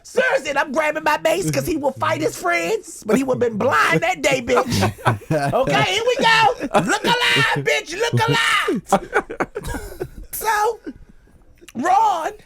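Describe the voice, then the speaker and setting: A man hosting a radio talk show, telling stories in loud, animated casual chat full of swearing. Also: very high-pitched, measured pace, creaky, a crowd in the background.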